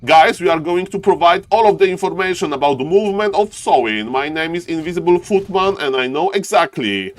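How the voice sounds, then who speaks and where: A man's voice: a little high, animated, fairly quick, few pauses, lightly acted. A man playing an invisible footman soldier from a strategy game who cheerfully reports for duty in a mock-formal way, with almost no change from his own voice.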